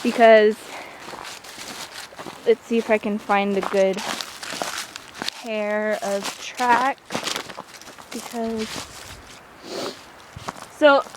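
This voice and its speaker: A woman's voice: on the high side, steady tone. Chatty teen girl walking in a windy forest. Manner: chatty, self-mocking, jokey asides. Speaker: vlogger. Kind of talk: walking tour vlog. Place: small forest by a creek, outdoors on a windy day. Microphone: handheld iPod camera. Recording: wind noise and a rushing creek.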